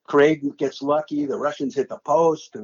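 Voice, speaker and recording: A man's voice: a little high, fairly even intonation, measured pace, a little mellow, husky, dull audio. An older male sportscaster telling the story of a game he called, dramatically re-enacting his own play-by-play. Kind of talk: animated storytelling interview.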